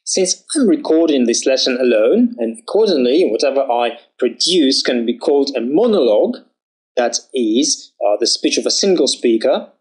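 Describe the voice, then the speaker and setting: A male pronunciation teacher talks slowly and deliberately, letting his pitch swing widely as he models each word. He enunciates every drill word with care. He sounds like a lesson recorded at home. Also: slightly rough, rough recording. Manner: slow, careful enunciation with exaggerated pitch on drill words.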